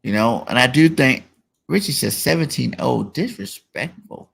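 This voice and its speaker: A man hosting a casual sports talk show, relaxed and full of "you know" fillers. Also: medium pitch, normal speed, vocal fry. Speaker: podcast host.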